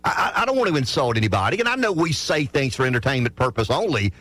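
A man's voice: mid-range voice, big pitch swings, fast, sharp tone, no echo, faint music behind. A man from South Carolina hosting a call-in radio talk show, talking earnestly and often restarting his sentences. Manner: earnest, stammering restarts when making a point. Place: radio studio.

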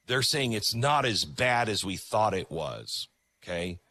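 A man's voice: on the low side, very animated, a little slow, pushed and bright. A male host giving emphatic, conversational commentary while introducing video clips.

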